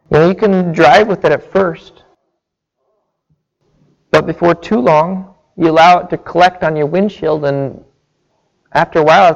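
Slow, high-voiced male preacher. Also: dull audio. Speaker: pastor. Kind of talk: sermon.

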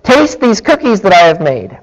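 A man's voice: high-pitched, wildly swooping pitch, moderate pace, lo-fi sound, full character voice. A man doing an eager, greedy young toad.

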